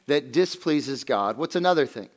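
A man teaching a Bible lesson to a class in a conversational way, asking questions and slowing down to stress key phrases. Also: medium pitch, lively intonation.

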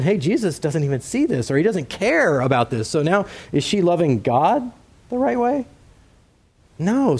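A man's voice: on the high side, darkish tone. A man giving a conversational sermon, talking casually and directly to his listeners and asking rhetorical questions. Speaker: preacher.

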